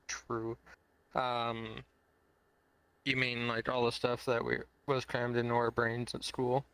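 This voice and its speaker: Male podcast host, slow and easygoing, clear crisp voice, bright tone, casual jokey delivery. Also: medium pitch, no room sound, poor audio. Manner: relaxed, joking, slightly rambling.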